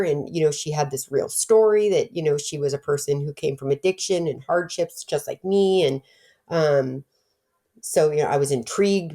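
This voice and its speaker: A middle-aged woman tells her personal story. She speaks casually and candidly, often acting out what others said with bright shifts. She fills her speech with fillers and self-corrections. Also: low-pitched. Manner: animated, acts out quoted voices, many fillers and restarts.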